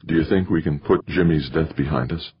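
A man reading a quiet, brooding astronaut. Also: a bass voice, a little fast, husky, no room sound, muffled recording, heavily acted. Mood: earnest. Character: brooding, guilt-ridden male astronaut.

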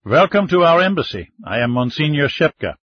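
Brisk courteous monsignor, raised pitch, read by a man, husky, lo-fi dry recording. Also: sing-song, no room sound. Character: formal male Vatican monsignor, brisk and courteous.

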